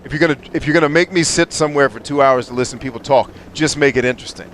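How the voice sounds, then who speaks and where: A man's voice: medium pitch, racing, fairly bright tone, a little hiss or hum. A young man streaming a game and ranting bluntly about stories, with plenty of profanity and strong opinions. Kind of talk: live game stream commentary.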